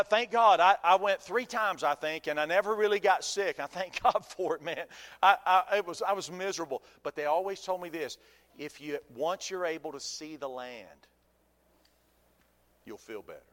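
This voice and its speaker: Folksy high-voiced male preacher. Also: normal speed, in a large hall. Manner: folksy, animated preaching with humor and rhetorical questions. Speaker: pastor. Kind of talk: sermon.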